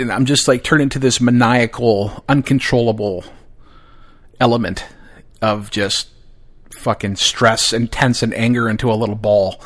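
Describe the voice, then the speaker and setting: Swearing, animated man telling a story. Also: on the low side, moderate pace. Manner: profane, animated, laughing at his own story. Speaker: podcast host. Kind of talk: casual storytelling monologue.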